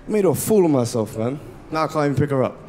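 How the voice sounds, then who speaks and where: A young man doing a slangy, animated stand-up comedy set. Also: mid-range voice, quick pace, slight background noise. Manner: animated, slangy, swings into loud shouted bits. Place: live comedy venue with audience.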